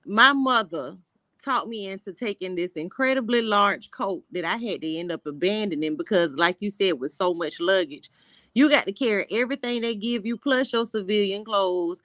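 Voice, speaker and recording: A woman's voice: mid-range voice, normal speed, a bit bright, dry recording, clean studio sound. A woman from Florida chatting casually on a live stream, blunt and joking in a laid-back way.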